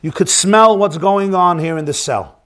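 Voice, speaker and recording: A man's voice: high voice, moderate pace, fairly bright tone. A man playing an anguished devout rebbe. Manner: pained, earnest pleading.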